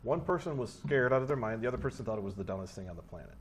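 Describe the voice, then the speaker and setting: A man's voice: lowish voice, very fast, slight background noise. A man co-hosting a movie podcast, telling stories casually with swearing and frequent laughs. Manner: animated storytelling, swearing, laughs often. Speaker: podcast co-host. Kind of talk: casual chat.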